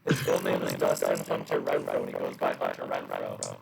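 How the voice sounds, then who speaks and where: Deep, gravelly man on a noisy call. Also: level tone, brisk. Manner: joking, rambling banter. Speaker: league member and co-host. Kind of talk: casual live-stream chat.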